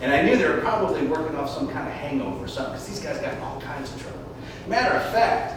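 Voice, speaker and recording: Animated profane man telling stories on stage. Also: a little high, fast talker, recorded from a distance. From Michigan. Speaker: solo performer. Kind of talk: autobiographical stand-up storytelling. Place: live stage show. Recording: echoey live stage from afar, noisy.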